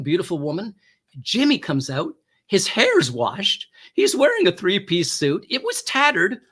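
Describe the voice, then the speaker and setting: A man's voice: high voice, a bit bright. A former police officer telling a personal story as a talk show guest, acting out the quoted lines with big jumps in his voice.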